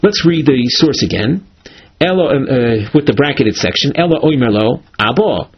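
A man teaching a Talmud class, reading Hebrew and Aramaic source lines aloud and explaining them in English, slowing down to chant key phrases. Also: mid-range voice, expressive, slightly rough. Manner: slows down to chant source phrases, with small restarts. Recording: dull lo-fi lecture recording.

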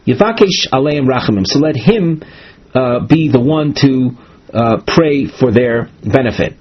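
A man with giving a Talmud lesson, reading each phrase and then explaining it with many halting "uh" pauses. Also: medium pitch, lively intonation, husky. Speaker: Talmud teacher. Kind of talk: text study lesson, reading and translating. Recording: dull lo-fi recording.

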